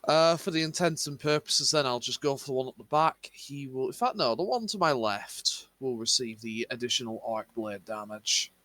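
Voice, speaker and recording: A man's voice: medium pitch, lively intonation, moderate pace, hardly any pauses, sharp tone, no echo. A man playing in a tabletop game, chatting casually in a dry, matter-of-fact way. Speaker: player. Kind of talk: casual tabletop gaming chat.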